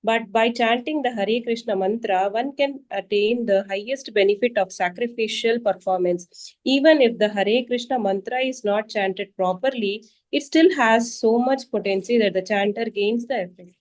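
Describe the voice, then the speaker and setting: A woman's voice: fairly high pitch, normal speed, a little mellow. A woman reading a commentary aloud in an online class, careful, with small slips and restarts. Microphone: video call.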